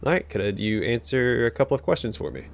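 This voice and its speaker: A man's voice: medium pitch, very animated, brisk, vocal fry, a little hiss or hum. A man hosting a let's play, making wry asides and reading choices aloud with frequent fillers. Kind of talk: casual gameplay commentary and reading dialogue aloud.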